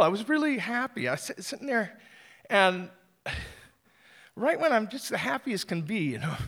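Bright-voiced man telling a personal story. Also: extremely high pitch. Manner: animated, self-deprecating, halting restarts.

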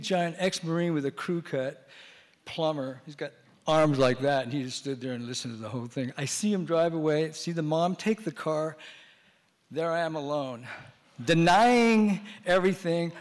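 A man's voice: on the high side, long reverb tail. A middle-aged man telling a story on stage in a stand-up style, acting out the voices of the people in it. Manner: animated, acts out the voices in his story.

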